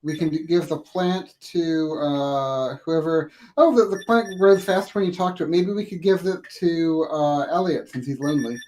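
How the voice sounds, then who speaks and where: A man's voice: fairly high pitch, normal speed, hardly any pauses, a little mellow. A man playing a video game with a friend in casual chat, thinking aloud hesitantly and using many fillers. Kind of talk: casual let's-play chat.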